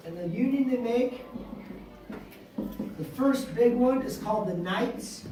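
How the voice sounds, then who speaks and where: A male teacher giving an animated, slangy classroom lecture, acting out little scenes with his students. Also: very high voice, slow, a little hiss or hum. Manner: animated, slangy, acts out quotes. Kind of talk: classroom lecture with role-play. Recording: echoey classroom from far off.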